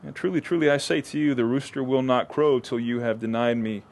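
Expressive male preacher. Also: brisk, creaky. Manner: expressive, acts out quoted lines with rising pitch; repeats words when restarting. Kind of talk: sermon.

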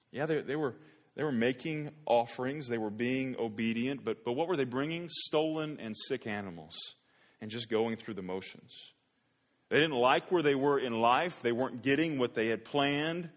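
Man, pastor, sermon, animated preaching, mid-pitched voice, mocking voices.

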